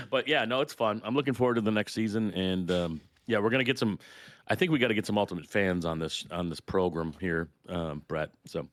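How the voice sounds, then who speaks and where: Middle-aged man telling animated stories. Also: lowish voice, fairly quick, no echo. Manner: storytelling, animated, swearing freely. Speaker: podcast co-host. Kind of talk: casual chat.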